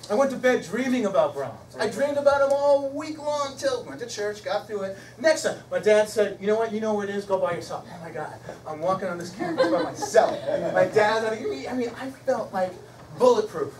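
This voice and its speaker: A man's voice: high-pitched, brisk. Man, middle-aged, storytelling lecture, recorded from a distance, roomy hall, background noise. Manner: animated, shifts between loud excitement and hushed emotion. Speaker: guest speaker and musician. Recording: echoey hall from far off, noisy.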